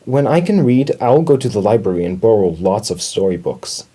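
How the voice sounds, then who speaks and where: A man voicing an excited little boy mouse in a children's storybook, eager and polite. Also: lowish voice, moderate pace, breathy edge.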